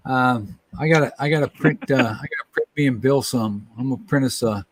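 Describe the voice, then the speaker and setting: A man's voice: mid-range voice, fairly quick, slight background noise, poor audio. A man joking loosely in casual chat, often trailing off.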